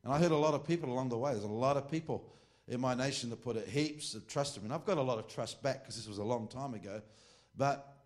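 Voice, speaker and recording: A middle-aged man with an Australian accent, teaching a class in a loose, informal sermon. He drifts into joking asides and restarts his sentences, and his pitch sits at an ordinary middle level for a man. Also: fast, few pauses. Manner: rambling and joking, with frequent asides and self-corrections. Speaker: preacher teaching a ministry class.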